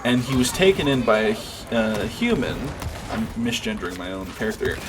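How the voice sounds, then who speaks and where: A man's voice: medium pitch, sing-song, a little fast. A man streaming a game, chatting casually and rambling with lots of fillers and restarts. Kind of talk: casual chat while gaming. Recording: game noise in background.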